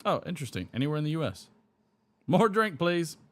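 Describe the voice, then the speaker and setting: With a slightly high, fairly bright voice, a very animated man talks fairly quickly as he hosts a live stream while smoking a pipe. He rambles casually, reads viewers' comments out loud, and chuckles.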